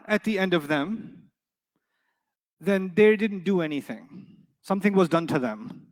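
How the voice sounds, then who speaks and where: A man's voice: high voice, lively intonation, a little slow, long pauses. A middle-aged man teaching Arabic to a live class, playful and jokey, often quizzing his students. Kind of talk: classroom lecture to a live audience. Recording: reverberant lecture hall.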